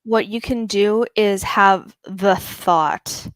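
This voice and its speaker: A woman's voice: mid-range voice, slow, no echo. Woman, casual co-writer, filler-heavy advice. Dry, close sound. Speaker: co-writer on stream. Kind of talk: casual chat.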